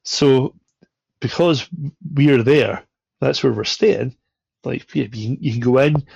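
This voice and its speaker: A man's voice: medium pitch, takes it slowly, gravelly, darkish tone, husky, no echo. A man on a podcast, telling a travel anecdote with swearing and laughter. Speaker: podcast guest. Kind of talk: casual storytelling. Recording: dull, lo-fi sound.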